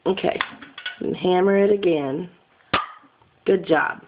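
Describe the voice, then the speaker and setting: A woman's voice: lowish voice, slow pace, noisy background. A woman, a parent, patiently coaxing her toddler to name things in a home video. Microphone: phone camera. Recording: dull lo-fi phone audio.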